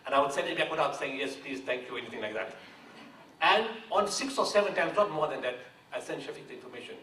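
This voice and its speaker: Earnest man, slightly high voice, speech heard from afar in a roomy hall. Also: expressive, quick pace, bright, forceful tone. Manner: earnest, rising to emphatic declarations. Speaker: founder of the charity, speaking at a book launch. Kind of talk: public speech. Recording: echoey hall from a distance, faint noise.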